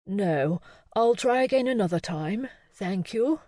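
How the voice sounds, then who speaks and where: A courteous, formal older gentleman with a clipped upper-class British accent, as a woman narrator puts him on. He speaks slowly and politely from a storybook, each word unhurried. The sound is close and dry. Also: mid-range voice, lively intonation, dry recording.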